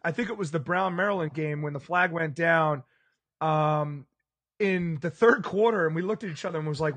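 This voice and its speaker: A man with a noticeably high-pitched voice co-hosts a casual sports chat. He tells stories with animation and acts out the reactions of people around him. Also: normal speed. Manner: animated storyteller, acts out bar crowd reactions.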